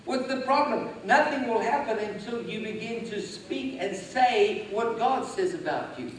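A man preaching a sermon as pastor, emphatic and building to loud declarations. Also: very high voice, lively intonation, measured pace. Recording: echoey hall, mic at a distance. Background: congregation responding.

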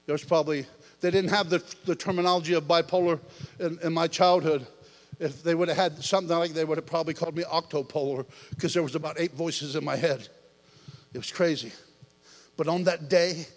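High-voiced man preaching in a big hall. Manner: animated, swings from hushed to shouting, laughs between lines. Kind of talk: sermon. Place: church sanctuary. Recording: long hall reverb.

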